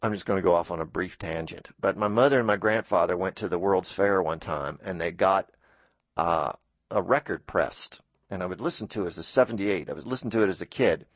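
A middle-aged man hosting a radio show, telling rambling stories and slipping into quick voices for the people he quotes. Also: low-pitched, no room sound. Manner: storytelling, puts on quoted voices. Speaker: radio host. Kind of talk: rambling monologue.

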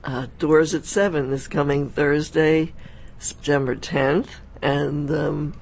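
Slow, gravelly man announcing on radio. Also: fairly high pitch, steady tone, darkish tone. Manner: unhurried, agreeable, reads out listings. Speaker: radio co-host. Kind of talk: casual on-air chat and event announcements. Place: radio studio.

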